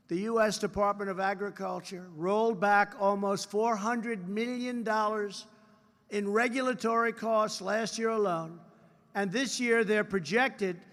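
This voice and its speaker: An older American man in his seventies delivers a speech from a podium, his voice pitched high and sharp-edged. He keeps repeating himself and drifting into boastful asides aimed at the crowd. The long reverb of a huge hall trails every phrase. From United States. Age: 70s. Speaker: politician giving a speech. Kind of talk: public speech with off-script asides. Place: large convention hall, on stage.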